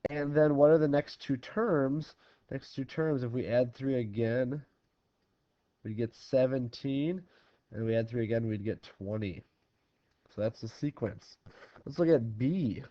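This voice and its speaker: A man's voice: medium pitch, a little slow, no room sound. A man teaching a recorded math lesson in a casual way, talking through problems step by step. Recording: dry, slightly dull lo-fi recording.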